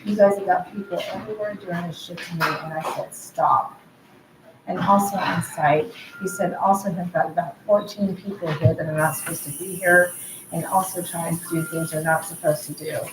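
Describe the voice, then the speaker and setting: A woman's voice: fairly low pitch, fairly even intonation, normal speed. A woman in an agitated, rambling monologue, repeatedly relaying what others told her. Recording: roomy echo, faint background noise.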